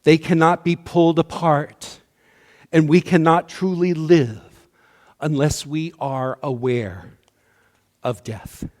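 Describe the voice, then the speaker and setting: Slow, soft-spoken man preaching. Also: fairly high pitch, steady tone, long reverb tail. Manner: slow, measured, softening to a hush at line ends. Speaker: minister. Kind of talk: sermon. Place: church sanctuary.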